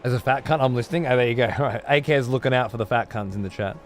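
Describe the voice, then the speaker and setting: Man, streamer, casual chat, heavy profanity, blunt, rambling, medium pitch, faint background music. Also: rapid-fire.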